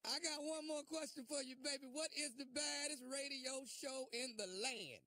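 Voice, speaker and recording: A man making a prank phone call as a radio show host, calm and needling as he provokes the person on the line. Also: very high voice, moderate pace, slight background noise.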